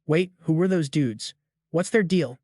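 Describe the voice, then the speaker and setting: A man's voice: fairly high pitch, unhurried, darkish tone, dry recording, studio quality, natural voice. A man voicing a blunt, brash older uncle who blurts his questions.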